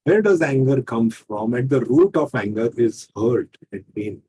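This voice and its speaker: Male guest, mellow husky tone, teacherly rhetorical delivery. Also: mid-range voice, expressive, poor audio. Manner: measured, teacherly, rhetorical questions. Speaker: guest, healing coach. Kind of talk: calm explanatory interview talk.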